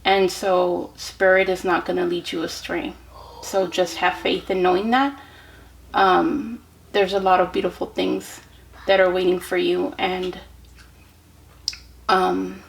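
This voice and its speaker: A woman giving a tarot card reading straight to the viewer, gentle and encouraging, with many ums, restarts and checking "okay?" as she goes. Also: fairly low pitch, flat delivery, slow pace, creaky, pauses often, a little hiss or hum, low-quality recording. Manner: speaks directly to the viewer with frequent "okay?".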